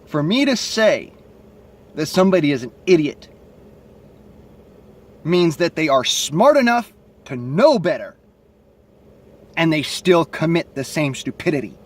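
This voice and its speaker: A man's voice: fairly high pitch, very animated, unhurried, long pauses. A man with a Southern accent and a stutter, talking bluntly and profanely into his cell phone in a rambling monologue. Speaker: vlogger. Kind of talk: casual monologue to camera.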